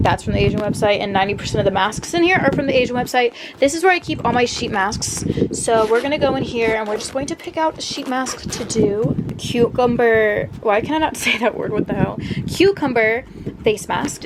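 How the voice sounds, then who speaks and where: A woman's voice: fairly high pitch, noisy background. A young woman chatting casually to her camera at home, filling her talk with "like" and "literally". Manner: chatty, heavy use of "like" and "literally". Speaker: vlogger. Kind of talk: casual vlog chat. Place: home, bedroom and bathroom.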